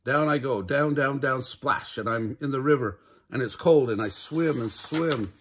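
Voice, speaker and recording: A man's voice: medium pitch, measured pace, fairly bright tone, husky. An older man voicing an anxious walrus who rambles on about every possible disaster, read from a children's storybook. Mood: worked-up.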